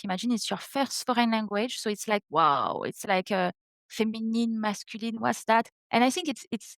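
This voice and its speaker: A woman's voice: medium pitch, no echo. French woman explaining with earnest enthusiasm. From France. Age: 30s. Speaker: French teacher, podcast guest. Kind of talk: interview conversation.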